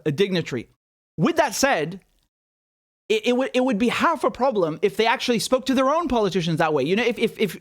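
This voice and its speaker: A man giving animated, incredulous political commentary, full of restarts and rhetorical questions. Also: sits high. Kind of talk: casual ranting commentary.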